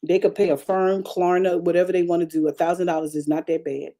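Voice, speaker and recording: A woman pastor preaching a conversational broadcast sermon, chatty and animated, repeating phrases and calling out to her congregation. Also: lowish voice, fast talker. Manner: chatty, repetitive, calls out to the congregation; animated preaching with frequent restarts.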